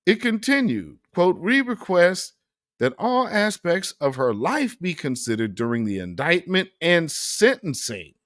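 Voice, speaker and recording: A man's voice: high-pitched, measured pace, no room sound, clean studio sound. A man hosting a casual news commentary show, reading quotes aloud and reacting with disbelief. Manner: animated, incredulous, reads quotes then reacts.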